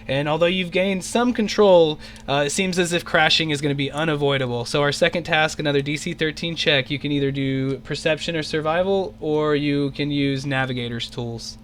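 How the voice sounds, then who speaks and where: A man's voice: on the high side, slight background noise. A man running an online tabletop game as dungeon master, narrating in a rambling way with lots of fillers. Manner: rambling, filler-heavy, quick to shout out character lines. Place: home, on an online voice call.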